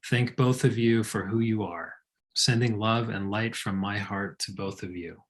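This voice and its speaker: Man co-host, fairly low voice, calm, reflective, reading letters aloud. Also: unhurried.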